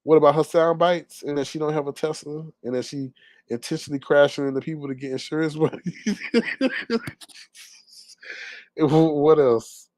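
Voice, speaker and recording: A man's voice: a little high, fairly even intonation, quick pace, a little mellow, dry recording. A young man, gossiping sassily in casual commentary with laughing asides. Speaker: commentary vlogger.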